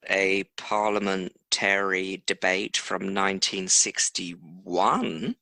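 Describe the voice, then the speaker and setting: A man co-hosting a casual true-crime podcast, with deadpan, dry teasing delivery. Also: sits low, unhurried, gravelly, no room sound, rough recording. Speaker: podcast co-host. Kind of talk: casual chat.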